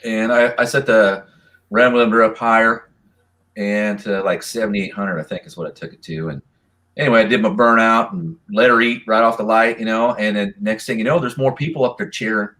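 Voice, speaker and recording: A man, a drag racer and racing association president, tells stories casually in a live Q&A, rambling and animated. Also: fairly low pitch, fairly quick. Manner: rambling, animated, voices other people's lines.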